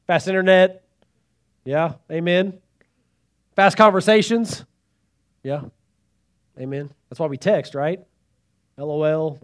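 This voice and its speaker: A pastor with a notably high voice delivers a sermon. He swings between loud, pleading emphasis and hushed asides. He keeps calling out to the congregation for a response. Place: church sanctuary.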